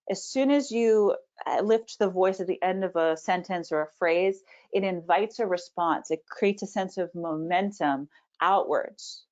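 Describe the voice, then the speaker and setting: A woman who coaches public speaking, answering questions on a webinar with a confident, animated delivery and playing with her intonation. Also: medium pitch. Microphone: video call. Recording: slightly dull video-call audio.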